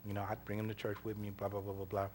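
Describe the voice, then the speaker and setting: A man's voice: fairly low pitch, rapid-fire, slight background noise. A man preaching a sermon, telling personal stories in a folksy, conversational way, acting out the dialogue and laughing often. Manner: animated, acts out dialogue in his stories. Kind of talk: sermon with storytelling.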